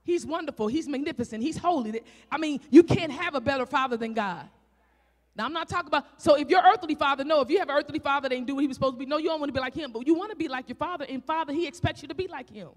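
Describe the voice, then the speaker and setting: A woman preacher with a Southern country accent, delivering a fervent sermon full of rhetorical questions, rising to shouts and drawing out scripture as she reads. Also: sits high, rapid-fire. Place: church sanctuary. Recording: echoey church hall.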